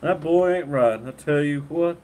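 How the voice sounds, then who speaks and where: A man doing an amateur impression of a gruff, drawling middle-aged cartoon dad. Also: on the high side, measured pace, a little mellow, lightly acted. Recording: clear background noise.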